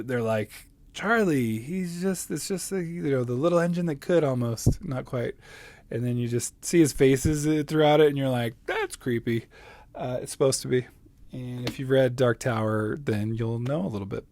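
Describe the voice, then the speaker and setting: Chatty excitable man unboxing books. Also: mid-range voice, gravelly. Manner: chatty, excitable, laughs often. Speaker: book video host. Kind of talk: casual book haul vlog.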